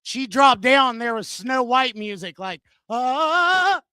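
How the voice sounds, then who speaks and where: A man's voice: extremely high pitch, a little slow, bright, forceful tone, clean tone, dry recording. Crude, self-mocking male stand-up comic. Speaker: stand-up comedian. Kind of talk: stand-up comedy set. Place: comedy venue stage.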